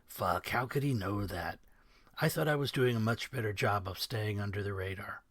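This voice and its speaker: A man narrating his own crime novel in the first person, measured and wry, in a recording studio. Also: lowish voice, fairly bright tone, dry recording.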